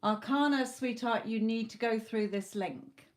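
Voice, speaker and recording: A woman's voice: a little high, measured pace. A woman doing a live psychic tarot reading, earnest, often checking in with "okay?" as she relays messages. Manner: relays messages from a spirit in first person. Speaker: tarot reader.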